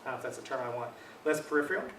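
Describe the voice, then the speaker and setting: A man's voice: mid-range voice, animated, rapid-fire, background noise. A middle-aged man giving a university linguistics talk, explaining in a casual, conversational way with frequent fillers and check-ins like "right?". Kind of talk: academic talk. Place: lecture room. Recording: echoey room, mic at a distance.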